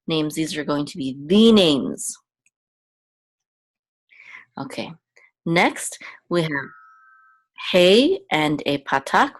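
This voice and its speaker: A woman's voice: low voice, fairly bright tone. A woman teaching Biblical Hebrew step by step, patiently repeating each word and checking in with "okay?" as she goes. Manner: adds frequent "okay?" checks. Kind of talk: slow step-by-step language lesson.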